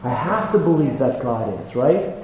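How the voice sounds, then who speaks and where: A man's voice: medium pitch, animated, mellow. Earnest man speaking in an echoey hall. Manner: earnest, halting, many fillers and restarts. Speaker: ministry speaker. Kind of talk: conference talk. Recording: echoey hall with faint ambience.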